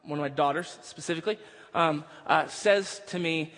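A man's voice: fairly high pitch, normal speed, fairly bright tone. A male pastor preaching a sermon, moving from casual storytelling into emphatic preaching. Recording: long hall reverb.

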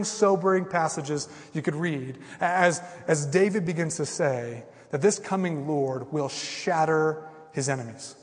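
A man preaching a sermon with passion, jumping from loud outbursts to hushed, quiet asides. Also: on the high side, a little slow. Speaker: pastor. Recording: long hall reverb.

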